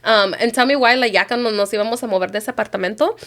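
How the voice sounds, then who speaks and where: Woman on a podcast telling a spooky story, slightly high voice, drops in spanish and swears a lot. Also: racing, fairly bright tone. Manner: mixes Spanish into English, swears casually. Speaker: podcast co-host. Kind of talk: casual storytelling chat.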